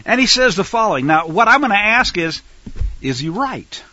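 An animated male preacher teaching through a scripture passage, his voice leaping wildly up and down in pitch. The tone is bright yet husky, heard dry and close on a slightly dull, lo-fi recording. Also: normal speed. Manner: animated and emphatic, swinging from loud stresses to near-murmurs. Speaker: Bible teacher. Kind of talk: teaching sermon with scripture reading.

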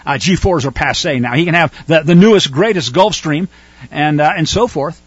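A man's voice: fairly high pitch, normal speed, husky, no room sound, lo-fi sound. A man preaching a sermon in a scolding, sarcastic manner with mocking asides.

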